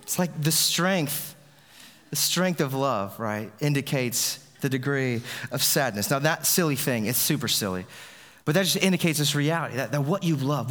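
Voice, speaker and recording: A man's voice: mid-range voice, fairly bright tone. A man preaching a sermon as a pastor, in a conversational way with frequent restarts. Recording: long reverb of a large hall.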